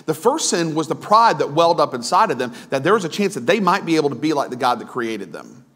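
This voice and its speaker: A man's voice: a little high, big pitch swings, quick pace, fairly bright tone, husky. A male pastor giving a conversational sermon, full of asides, restarts and questions to the congregation.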